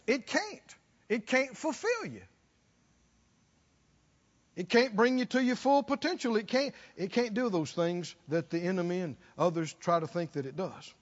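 A male preacher with an unusually high, bright voice delivers an exhorting sermon. His pitch swoops up and down as he presses the congregation with rhetorical questions. The recording sounds dull and lo-fi. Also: animated, a little slow, big-room sound.

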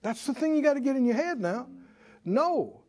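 High-voiced man preaching with call-and-response. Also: big pitch swings, normal speed, darkish tone. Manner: rhythmic call-and-response preaching, rising to bursts and dropping low. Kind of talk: sermon.

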